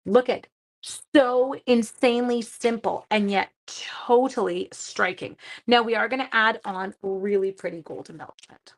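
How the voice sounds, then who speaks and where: A woman's voice: a little high, measured pace. A woman chatting her way through a live-stream card-making demo, self-mocking and talking to herself as she works. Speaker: seventh-grade teacher.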